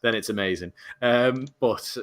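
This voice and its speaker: A man's voice: fairly low pitch, measured pace. A man hosting a casual football podcast, laughing often and running the chat polls. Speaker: podcast host.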